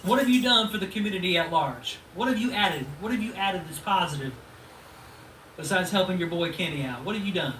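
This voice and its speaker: A man's voice: high-pitched, lively intonation, a little fast, bright, forceful tone. A man in his thirties ranting at a rival in a profane, taunting video reply, laughing mockingly at him. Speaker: channel host. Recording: roomy echo, distant mic, faint noise.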